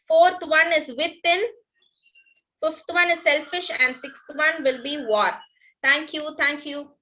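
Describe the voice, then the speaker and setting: A woman teacher with an Indian English accent leads an online class in a high, bright voice. She patiently repeats each instruction, filling the gaps with "okay" and thanks. Her tone stays clear and ringing throughout. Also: poor audio.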